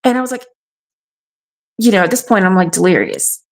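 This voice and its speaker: A woman's voice: mid-range voice, very animated, moderate pace, vocal fry. A woman from South Carolina, frankly recounting a personal ordeal as a radio show guest. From South Carolina, USA. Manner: frank, matter-of-fact storytelling. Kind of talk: personal testimony.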